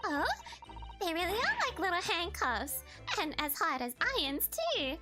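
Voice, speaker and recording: A woman's voice: very high voice, big pitch swings, measured pace, pushed and bright, pitched above the performer's own voice, heavily acted. A woman reading the lines of a polite young female assistant in a prim, courteous way over background music. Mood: delighted.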